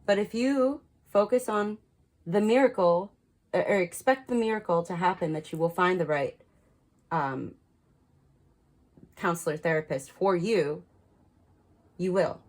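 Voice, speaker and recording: Reading cards for her viewers, this woman offers candid spiritual advice straight to camera, cursing liberally and repeating words to stress them. She speaks in a lowish, darkish voice at a measured pace with frequent pauses, over poor audio.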